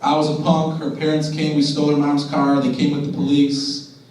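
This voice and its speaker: A man's voice: fairly high pitch, monotone, normal speed, darkish tone. A young man speaks earnestly to students at a school assembly as a motivational speaker, asking them questions and urging them to listen. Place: large echoey school room. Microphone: distant from the recording device. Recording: very echoey hall audio from a distance.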